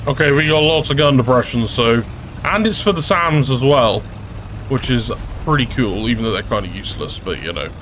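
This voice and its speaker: A man giving chatty, excitable commentary over his own gameplay as a regular gaming creator, often laughing. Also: mid-range voice, moderate pace, a little hiss or hum. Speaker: gaming YouTuber.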